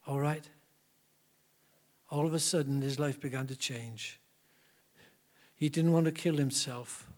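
Brief: preacher, high voice, animated storyteller, repeats himself. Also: male voice. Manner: animated, repetitive restarts. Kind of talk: sermon storytelling.

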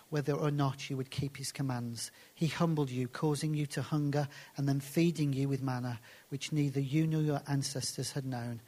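Man preaching with hushed, deliberate emphasis. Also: medium pitch. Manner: deliberate, dropping to soft hushed phrases for emphasis. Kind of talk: sermon with scripture readings.

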